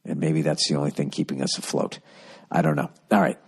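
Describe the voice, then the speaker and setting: Low-voiced, swearing, ranting man. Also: fairly even intonation, fairly quick, a little mellow, slightly rough. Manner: profane, ranting, storytelling. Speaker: podcast host. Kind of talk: rambling solo podcast monologue.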